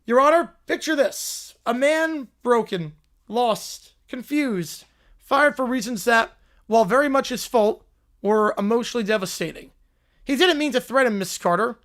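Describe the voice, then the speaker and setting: A man plays a flustered courtroom lawyer in a comedy sketch who cannot stop saying sorry. He stammers and restarts, nervous even when he tries to sound bold. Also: very high voice, moderate pace. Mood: pleading. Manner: nervous, stammering, apologizes constantly. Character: bumbling, endlessly apologetic male defense lawyer.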